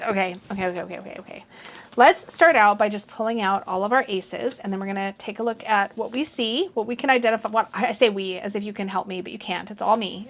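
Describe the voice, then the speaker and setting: A woman reviewing a tarot deck in a casual walkthrough, excitable and gushing, with muttered asides to herself. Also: mid-range voice, slight background noise. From Canada. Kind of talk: casual deck walkthrough, reading aloud from guidebook.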